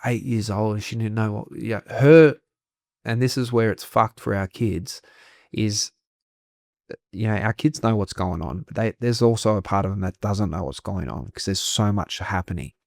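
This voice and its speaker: An Australian man with a somewhat low voice, speaking frankly and swearing freely as he recounts his story. The sound is dry and close to the mic, with no room echo. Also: moderate pace, darkish tone. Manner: frank, swears freely, laughs through hard memories. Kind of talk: candid conversational storytelling.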